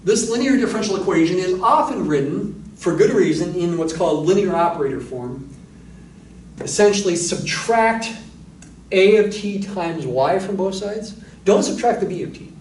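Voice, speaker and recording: A man's voice: high-pitched, expressive, moderate pace, darkish tone, far from the mic, a little hiss or hum. A man lecturing on mathematics, explaining step by step and thinking aloud with asides. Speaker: math lecturer. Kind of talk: recorded university lecture. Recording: echoey room, voice a little off-mic.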